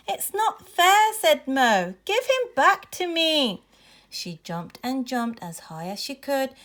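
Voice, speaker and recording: A woman reading a children's story aloud in a clear, expressive way. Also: medium pitch.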